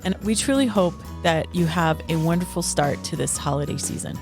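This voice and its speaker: A woman's voice: on the low side, a little fast, music in the background. A woman co-hosting a podcast, speaking sincerely and casually. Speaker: podcast co-host.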